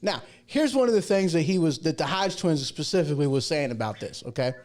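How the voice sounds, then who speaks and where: A man's voice: a little high, lively intonation, brisk, a little mellow. A man hosting a casual livestream talk show, chatty and folksy, rambling through asides and jokes. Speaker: show host.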